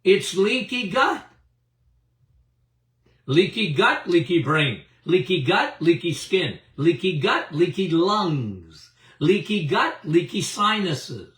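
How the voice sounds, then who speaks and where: Animated older man, bright and roomy. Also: sits high, slow pace. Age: 70s. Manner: emphatic and repetitive, with chuckles. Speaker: doctor hosting a health show. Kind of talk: animated health talk to an audience. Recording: roomy, distant mic.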